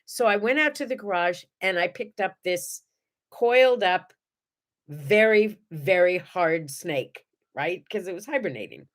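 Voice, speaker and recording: A middle-aged woman hosting a morning show, chatting to viewers and telling animated stories. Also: mid-range voice. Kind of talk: casual chat and storytelling.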